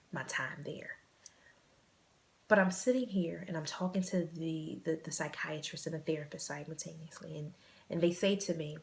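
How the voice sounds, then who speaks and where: A woman in her thirties with a low, gravelly voice tells her own story on a vlog. She speaks earnestly and haltingly, often repeating a phrase before finding the next words. At times her voice sinks to a near-whisper. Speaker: vlog host. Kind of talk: personal storytelling.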